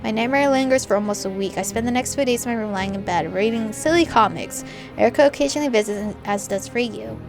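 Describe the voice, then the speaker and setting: Expressive young woman reading a game aloud. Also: on the high side, fast. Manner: expressive, jumps to loud excited reactions. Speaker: gamer. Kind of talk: reading a visual novel aloud with reactions. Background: faint game music.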